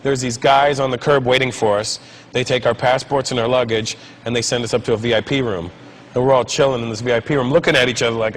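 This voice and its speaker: Animated man telling a stand-up story. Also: mid-range voice, quick pace, a little hiss or hum. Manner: animated, acts out voices of people in the story. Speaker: stand-up comedian.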